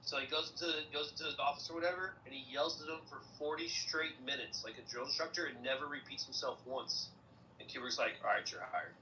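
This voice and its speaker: A man's voice: on the high side, fast, sharp tone, slight background noise, rough recording. A man chatting eagerly and sharing trivia in a casual podcast conversation.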